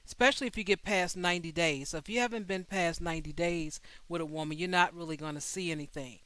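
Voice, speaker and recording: Blunt high-voiced male advice host. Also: quick pace, bright, forceful tone, clean tone, no echo. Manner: blunt, direct. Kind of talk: livestream advice chat.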